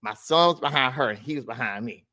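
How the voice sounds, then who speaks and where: A middle-aged man, co-hosting a casual podcast chat and telling stories with lively energy. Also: medium pitch, fast talker. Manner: animated storytelling, laughs while telling. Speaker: podcast co-host.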